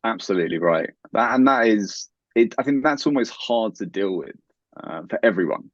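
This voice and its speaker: A man with a low voice speaks as an interview guest, earnest and advice-giving. The sound is dry and dull, with a lo-fi quality. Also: animated, normal speed, dry recording. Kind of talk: conversational interview.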